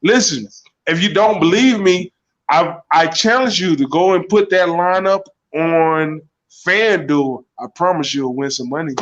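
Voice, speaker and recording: A man's voice: on the high side, unhurried, a bit bright, muffled recording. A man co-hosting a casual sports podcast, brashly rattling off his picks and swearing freely. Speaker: podcast co-host.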